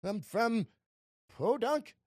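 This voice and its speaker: A man putting on the voice of a worldly older male actor, speaking slowly, quietly and with refinement. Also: very high voice, animated, no room sound, clean studio sound, pitched above the performer's own voice, full character voice. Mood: languid.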